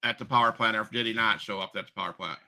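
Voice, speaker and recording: Bright-voiced man hosting an interview. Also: fairly low pitch, quick pace. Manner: short acknowledgments, asks questions. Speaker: podcast host. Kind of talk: interview questions.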